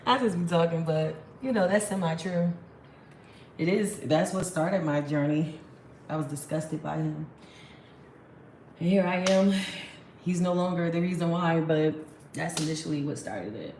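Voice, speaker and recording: Chatty low-voiced woman in her thirties. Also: a little slow, pauses often, a little mellow, reverberant, slight background noise. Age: 30s. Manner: chatty, laughing often, rambling asides. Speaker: vlogger. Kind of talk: casual chat to camera. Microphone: phone camera.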